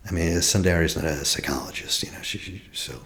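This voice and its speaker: Speaking at a quick pace with a low voice, a man in his forties teaches reflectively about attachment healing, asking questions and regularly slipping into a soft whisper.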